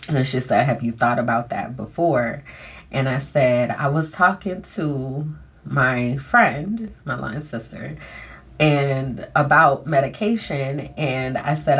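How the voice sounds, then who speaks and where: A woman's voice: extremely low pitch, takes it slowly, fairly bright tone. A woman podcast host telling a personal story in a candid, conversational way, full of "um" and "like", recorded in a small closet. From United States. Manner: candid, conversational, uses many fillers like "um" and "like".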